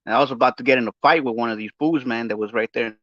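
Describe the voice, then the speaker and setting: A man's voice: mid-range voice, very fast, a bit bright, no room sound. A man hosting a podcast, lisping and mumbling through a broken jaw and missing front teeth, rambling with stammered restarts and heated profanity. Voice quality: lisping, mumbled speech through a barely opened mouth. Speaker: podcast host giving a health update. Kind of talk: casual rambling monologue. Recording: dull, dry, lo-fi recording.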